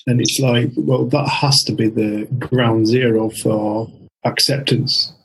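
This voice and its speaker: Speaking slowly at a medium pitch, a male coach on a podcast tells a lengthy story, animated and full of restarts, quoting people again and again with "she said." The recording sounds rough.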